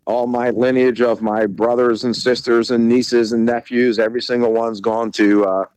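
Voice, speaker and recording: A man's voice: mid-range voice, level tone, moderate pace, darkish tone, smooth, no echo, rough recording. A middle-aged man from Maryland, a podcast guest chatting casually and telling rambling stories full of restarts. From Maryland, USA. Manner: rambling storyteller, many restarts and fillers. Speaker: podcast guest, bus seller. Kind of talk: casual chat.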